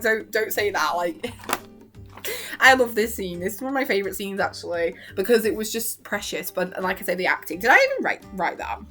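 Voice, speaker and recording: A woman's voice: mid-range voice, bright, forceful tone. Gushing, giggly young woman. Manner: gushing, giggly, lots of fillers and quoted reactions. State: voice worn, partly lost. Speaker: vlogger reviewing a TV series. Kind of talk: excited casual ramble.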